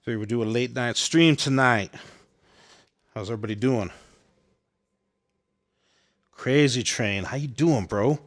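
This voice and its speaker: Late at night, a man streams a video game and chats casually, rambling and repeating phrases. His mid-range voice is unhurried and full of pauses, and he sounds slightly out of breath, with heavy breathing you can hear.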